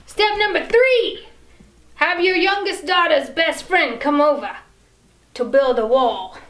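A woman's voice: sits high, lively intonation, slow pace, fairly bright tone. A woman hosting a casual vlog, talking in a teasing, bossy banter. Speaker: vlog host. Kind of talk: casual chat.

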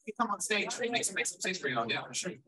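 A man leading a group activity at an event, energetic and playful as he calls out to the crowd. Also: high voice, fast talker, distant mic, low-quality recording. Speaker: workshop facilitator. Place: large event hall.

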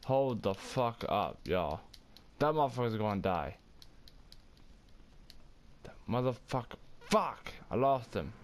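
A young man giving casual gameplay commentary, loud, excitable and cursing heavily, quick to get angry. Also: medium pitch. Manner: loud, excitable, heavy cursing, hot-tempered. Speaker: gaming streamer.

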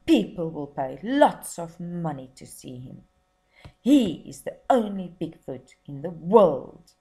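A woman doing a gruff, greedy circus man. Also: fairly low pitch, big pitch swings, takes it slowly, exaggerated voice. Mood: scheming. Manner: cross, loud and demanding.

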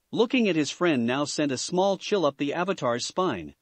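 A man reads fan fiction aloud in steady storytelling. His voice sits slightly high with lively pitch movement, recorded close and dry with no room sound. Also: normal speed, dry recording. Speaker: narrator.

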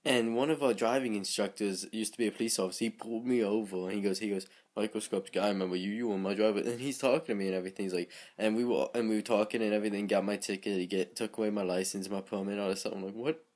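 A man's voice: fairly low pitch, steady tone, racing, few pauses, darkish tone. Rambling, self-mocking young man at home. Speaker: vlogger. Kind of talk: casual chat vlog. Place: at home, sitting on the floor.

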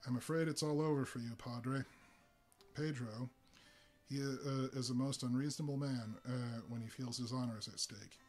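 A giant of a bandit enforcer in a storybook tale, deep and soft-spoken, as a man reading aloud voices him. He threatens with grave, polite courtesy rather than volume. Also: fairly even intonation, moderate pace, soft background music, close to an everyday voice. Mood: calm menace. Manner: politely menacing.

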